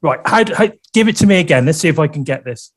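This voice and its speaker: A man with an English accent hosting a casual interview podcast, chatty and filling pauses with um and uh. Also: fairly high pitch, animated. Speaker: podcast host.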